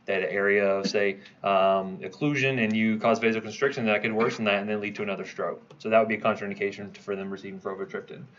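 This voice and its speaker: A man's voice: on the low side, steady tone, fast talker, few pauses, fairly bright tone, dull audio. A man teaching a pharmacology review class, quizzing students and checking in with "right?" as he goes. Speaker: pharmacology instructor. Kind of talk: review lecture.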